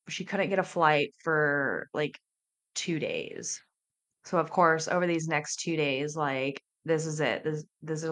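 A woman in her thirties, a life coach hosting a podcast, telling her personal story in a candid, emotional, halting way. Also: deep voice, a bit bright.

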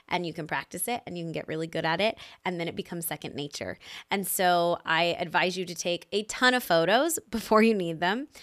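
A woman's voice: on the low side, fairly bright tone. Chatty, upbeat woman podcast host. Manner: chatty, upbeat, lots of "like" and "right?". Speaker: podcast host and business coach. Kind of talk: casual advice talk.

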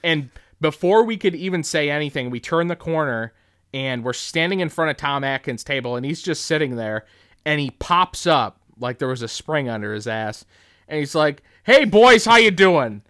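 Man, podcast host, casual storytelling, rambling, smooth clear voice, slightly high. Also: moderate pace, fairly bright tone. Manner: rambling, frequent restarts and "like".

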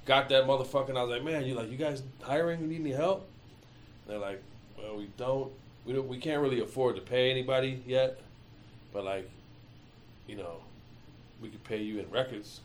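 A man from Michigan, USA, tells stories in a casual chat, swearing heavily and animatedly acting out what people said. His medium-pitched voice moves a little fast with frequent pauses, over a slight hiss or hum.

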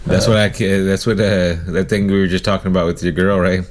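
Low-voiced man stammering through casual chat. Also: little pitch movement, noisy background. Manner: halting, stammering restarts. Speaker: podcast co-host.

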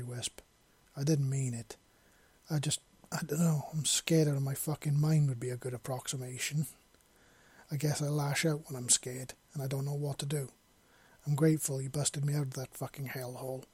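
A man's voice: on the high side, steady tone, normal speed, dark tone, no room sound, close to an everyday voice. A man doing a jittery escaped prisoner. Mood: apologetic. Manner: jittery, apologetic, sweary. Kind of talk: fan fiction audiobook reading.

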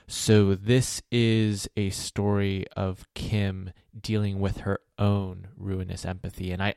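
Low, smooth-voiced male host. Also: a little mellow, no echo. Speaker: podcast host. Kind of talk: host aside to listeners.

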